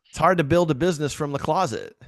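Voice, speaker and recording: A man's voice: on the high side, lively intonation, fast, no echo, studio quality, voice pushed up. A man voicing a down-to-earth Southern man with a Georgia accent who gives blunt, folksy advice. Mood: matter-of-fact.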